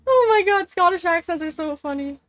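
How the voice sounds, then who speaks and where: A woman's voice: very high voice, expressive, brisk, fairly bright tone, no room sound. A young woman streaming a game, chatting casually, swearing, laughing and exclaiming as she plays.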